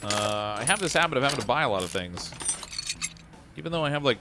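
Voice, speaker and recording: Over background music and a noisy backdrop, a man from Canada rambles through a live stream of a car repair game, reading viewer comments, chuckling and saying "uh" often. His mid-range voice is animated and quick.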